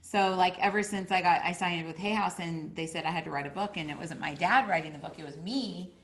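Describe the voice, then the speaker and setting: A woman teaching a casual spiritual class, rambling with many filler words and jumping into lively quoted voices. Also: lowish voice, fairly quick, slight background noise. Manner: animated, acting out quotes with a jumping voice.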